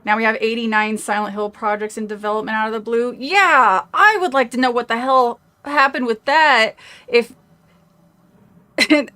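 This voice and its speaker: Bright-voiced woman rambling through a read-along. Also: fairly high pitch, moderate pace. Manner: rambling, with frequent tangents and laughs. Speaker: streamer reading a horror novel aloud. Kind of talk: casual chat mixed with reading aloud. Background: faint movie audio.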